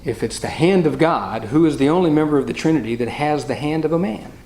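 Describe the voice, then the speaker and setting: A man's voice: on the high side, fast, a little mellow. A man teaching a Bible study in a jovial, anecdotal way, reading and explaining verses. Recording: roomy room echo, faint noise.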